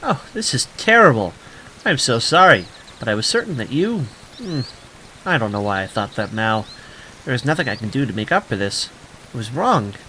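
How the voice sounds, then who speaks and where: Game nymph, female forest spirit; a man reads her lines flat, bright tone. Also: mid-range voice, normal speed, slight background noise. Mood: apologetic. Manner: read in a flat, tired voice.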